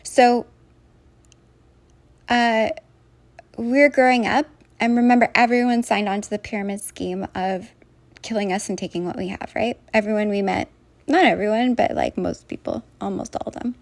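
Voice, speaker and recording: A woman's voice: mid-range voice, fairly even intonation, normal speed, no room sound. A woman vlogging in a casual, rambling monologue to her viewers, full of fillers and restarts. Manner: meandering, heavy on fillers and restarts.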